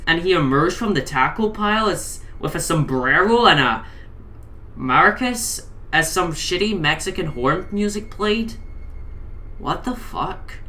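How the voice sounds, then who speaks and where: A woman's voice: fairly low pitch, sharp tone. A woman narrating a comedic horror story, exasperated and swearing heavily. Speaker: creepypasta reader.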